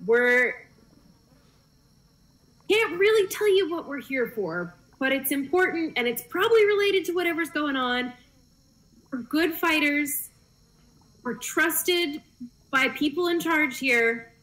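A woman with a high voice speaks in character during a tabletop game. She talks quickly and earnestly, in an apologetic tone. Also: expressive, a bit bright, rough recording. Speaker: player. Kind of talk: role-playing in a tabletop game.

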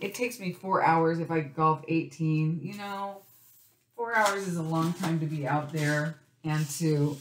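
Woman, crafting vlogger, chatty storyteller, low voice, faint background noise. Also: reverberant. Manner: chatty, storytelling, addresses viewers as "you guys".

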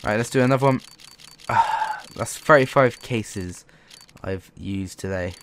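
A man's voice: on the low side, slow, fairly bright tone. A man commentating as a gaming YouTuber, frustrated and swearing as he pleads with the game. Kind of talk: let's play commentary.

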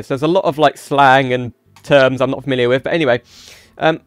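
Gaming YouTuber reading game text aloud. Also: male voice, mid-range voice, fairly even intonation, brisk, clean tone, dry recording. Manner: reads on-screen game text aloud, stumbling over words. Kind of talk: first-impressions game commentary.

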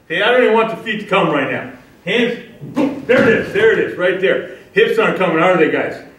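A man runs defensive line drills in an indoor training facility with a wall, calling out cues and checking in with "okay?" during a coaching clinic demonstration. His high voice is lively, quick and fairly bright, and the far-off mic picks up echo and slight background noise.

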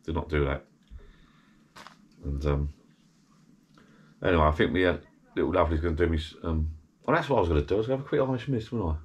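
Lo-fi audio captures a middle-aged vlogger, a bit tipsy, chatting to camera in his small garden shed bar. His low, slightly rough voice comes in rapid-fire bursts with frequent pauses as he rambles and interrupts himself.

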